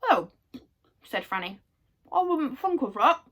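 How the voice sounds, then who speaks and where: A woman voicing a lively young girl in a storybook, bright and eager. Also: high voice, slow pace, pitched above the performer's own voice, full character voice.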